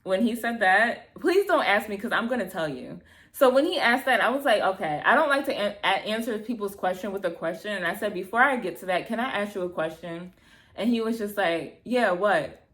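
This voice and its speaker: A woman in her thirties telling a bad-date story to camera, animated and exasperated, acting out both sides of the conversation, with lots of "like" and casual swearing. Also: medium pitch, fairly quick. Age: 30s. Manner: heavy filler "like", casual swearing. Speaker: vlogger. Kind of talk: storytime vlog, casual retelling.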